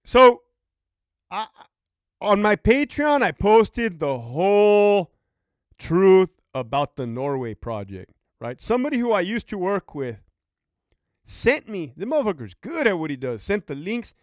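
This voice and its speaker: A man's voice: sits high, sing-song, a little slow, no room sound, clean studio sound. A man hosting a casual livestream, talking profanely and reading out viewer comments. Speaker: livestream host, former prison officer.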